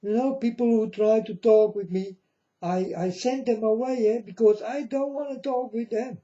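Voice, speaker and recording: Man, rambling preachy monologue, slightly high voice, muffled lo-fi sound. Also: warm tone. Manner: slow, repetitive, preachy, addresses viewers as folks. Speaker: self-styled prophet. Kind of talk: rambling religious monologue to viewers. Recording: dull lo-fi sound.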